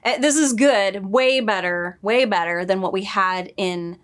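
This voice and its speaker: A woman talks through a game she is watching in a loose, chatty way. She is opinionated and throws in quick asides. Her voice sits at an ordinary middle pitch. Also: a bit bright. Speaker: book editor reviewing a game. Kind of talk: casual commentary over gameplay.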